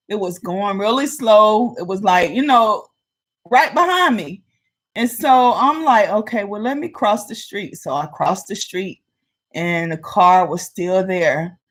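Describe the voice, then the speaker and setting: Woman vlogger telling a story, chatty and animated, does the voices. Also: medium pitch. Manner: animated, acts out the people in her story. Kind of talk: casual storytelling.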